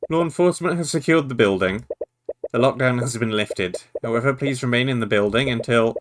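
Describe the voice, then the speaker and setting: A man's voice: mid-range voice, fairly quick, a little hiss or hum, close to an everyday voice. A man voicing a school headmaster making a formal, urgent intercom announcement in a game.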